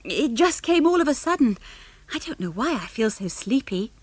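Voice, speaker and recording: A woman voicing a gentle, polite young girl with a soft, apologetic manner, in a storybook reading. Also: on the high side, sing-song, normal speed, slightly rough, no echo, pitched above the performer's own voice.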